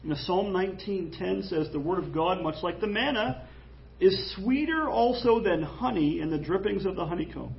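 A man preaching an animated, jokey sermon in church, acting out quoted voices. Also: high-pitched, normal speed, creaky, muffled recording. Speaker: pastor.

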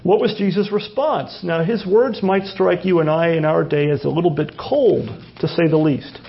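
A pastor with a gravelly, rather high voice preaches at a moderate pace, posing rhetorical questions and frequently restarting his phrases. The recording sounds dull and lo-fi.

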